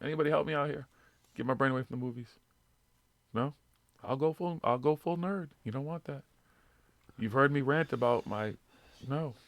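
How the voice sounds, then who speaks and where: A man's voice: mid-range voice, normal speed, pauses often, dry recording. A man with a Boston accent hosting a live radio show, rambling and swearing constantly in brash, casual chat. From Boston, USA.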